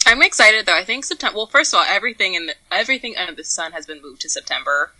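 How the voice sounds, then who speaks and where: A young woman co-hosting a casual podcast, talking loosely and swearing, acting out her own reactions in high voices. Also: rapid-fire, poor audio. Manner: animated, quotes herself in high voices, profane. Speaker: podcast co-host. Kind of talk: casual chat.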